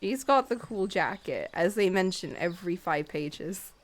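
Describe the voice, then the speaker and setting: A young woman streamer casually retelling a book she loves, animated, full of fillers and acted-out quotes. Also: lowish voice, unhurried. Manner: animated storyteller, lots of "like", acts out dialogue in quotes. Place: home room while drawing on stream.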